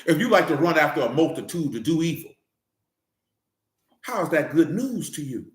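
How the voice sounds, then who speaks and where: A man's voice: fairly high pitch, big pitch swings, moderate pace, reverberant. A man preaching an informal Bible teaching, fiery and slangy, hammering his points with repeated rhetorical questions.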